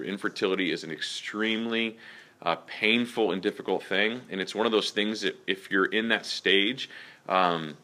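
A man teaching a Bible class in a relaxed, conversational way, full of fillers and frequent "okay?" check-ins to his students. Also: deep voice.

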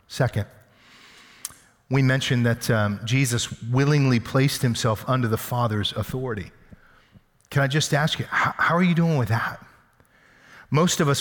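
A man preaching a sermon in a church, speaking in a conversational, teasing way with plenty of restarts and repeated words. His voice sits at a middle pitch. A long reverb trails behind him, as from a large sanctuary. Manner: conversational, teasing with everyday examples. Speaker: pastor.

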